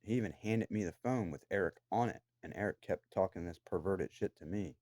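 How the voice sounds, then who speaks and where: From his own room downstairs in a house, a man vlogger launches into an angry, profane, accusatory rant at the camera. His voice is deep and darkish, his delivery brisk, with no echo.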